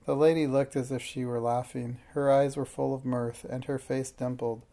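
Gravelly, dark-toned storybook narrator. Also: medium pitch, flat delivery, normal speed. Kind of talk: children's chapter book reading.

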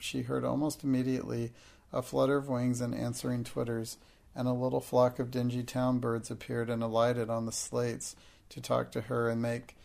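A man narrating an audiobook in a steady, measured reading. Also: mid-range voice, vocal fry.

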